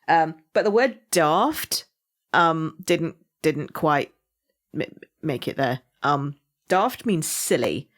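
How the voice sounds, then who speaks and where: A woman from England with a Somerset accent, co-hosting a podcast in casual chat, animated and laughing often. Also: low voice, slow. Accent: Somerset English. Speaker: podcast co-host.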